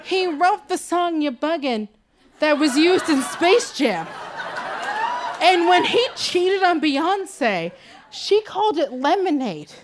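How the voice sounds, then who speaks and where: A young adult woman performing a stand-up set live, animated and laughing, jumping to high squeals on punchlines. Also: slow pace. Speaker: stand-up comedian. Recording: live club mic with faint crowd noise.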